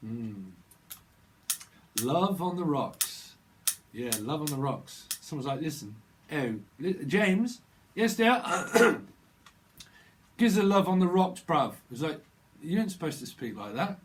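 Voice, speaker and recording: A man's voice: a little high, sing-song, a little slow, background noise. A man with a British accent giving a rambling, free-associating tarot reading, laughing often and dropping into silly voices. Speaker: tarot reader.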